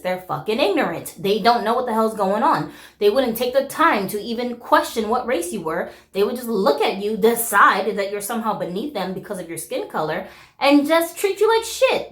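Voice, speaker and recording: A woman in her forties from America, vlogging in a frank, animated way, swearing freely and laughing often. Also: on the high side, roomy sound. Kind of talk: casual talk to camera.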